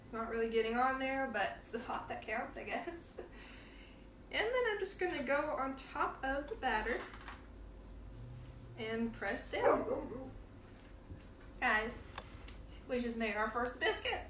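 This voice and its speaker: Woman, cooking host, playful and chatty, fairly high voice, echoey kitchen heard from off the mic. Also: lively intonation, unhurried, pauses often, far from the mic, background noise. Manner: chatty and playful, laughs often. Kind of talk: casual live cooking demonstration. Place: home kitchen. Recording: roomy kitchen sound, from off the mic.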